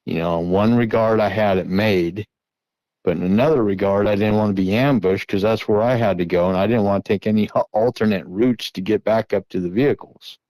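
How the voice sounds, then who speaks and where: A middle-aged man earnestly retelling a tense encounter in the first person, now and then shouting out the calls he made. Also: lowish voice, fairly quick, no room sound, low-quality recording. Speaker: guest recounting an encounter.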